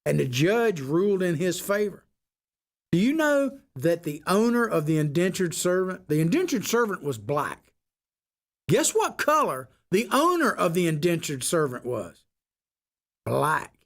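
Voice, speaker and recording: A man's voice: high voice, very animated, unhurried. A man hosting a solo political talk show, firing off rhetorical questions in an opinionated, combative way.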